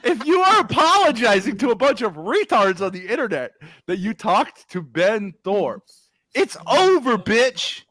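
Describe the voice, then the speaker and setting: A man's voice: high-pitched, big pitch swings, a little slow, fairly bright tone, no echo. Blunt, mocking middle-aged man. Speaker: stream guest. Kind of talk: casual stream chat.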